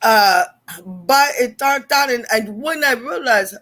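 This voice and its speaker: A woman's voice: a little high, animated, measured pace, a bit bright. An older woman hosting a live stream, chatting bluntly with viewers, laughing often and swearing freely. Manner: blunt, profane, laughing, greeting viewers by name. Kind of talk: casual live-stream chat.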